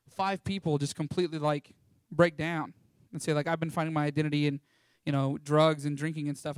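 A man's voice: a little high, no echo, studio quality. A young man of about eighteen from Texas, giving a casual, rambling testimony talk about a mission trip, with lots of fillers. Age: young adult, about 18.

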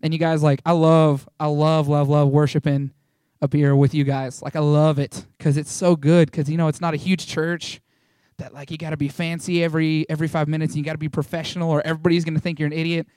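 A young man giving an informal, rambling testimony to a small church, excitable and full of fillers and restarts. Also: on the high side, fast, clean tone, no room sound, studio quality. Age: young adult.

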